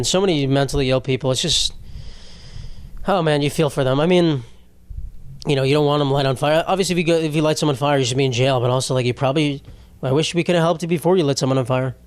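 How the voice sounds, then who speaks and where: Rambling, profane podcast host, dry sound. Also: male voice, on the high side, fast, no room sound. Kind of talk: casual solo podcast chat.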